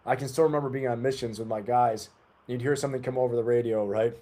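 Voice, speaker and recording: Male livestream host, forties, warm low-key tone, rambling casual delivery to the chat. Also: fairly even intonation, fast. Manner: rambling, chatty, talks to the chat. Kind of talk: casual live-stream chat.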